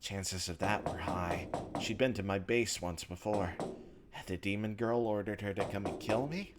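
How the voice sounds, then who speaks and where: Low-voiced man reading a visual novel aloud. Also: normal speed, heavy background noise. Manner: casual, offhand asides between read lines. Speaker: let's play host. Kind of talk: casual let's play, reading visual novel text aloud.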